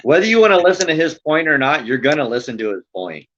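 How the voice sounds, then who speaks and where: A man's voice: fairly high pitch, very animated, quick pace, fairly bright tone, dull audio. A man speaking as a guest in a casual live-stream chat, laid-back and easygoing in his banter.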